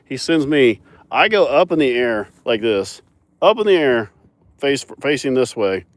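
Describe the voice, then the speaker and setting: A young man telling animated, laughing stories outdoors on a mountain farm, filmed on a phone. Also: medium pitch, measured pace, dry recording. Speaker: farmer and animal owner. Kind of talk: casual storytelling vlog.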